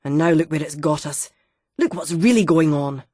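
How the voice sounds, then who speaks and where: A hot-headed landowner father rants and swears at full volume, voiced by a woman reading the story. The voice sits low and husky, and the recording is dry and close, with no room sound. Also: normal speed, no echo. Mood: indignant. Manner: loud, indignant ranting with heavy swearing. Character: blustering, short-tempered middle-aged landowner father.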